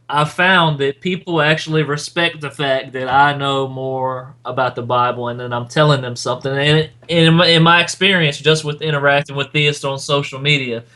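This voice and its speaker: A man's voice: medium pitch, a bit bright. A man co-hosting a casual political podcast, earnest and repeating himself for emphasis. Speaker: podcast co-host.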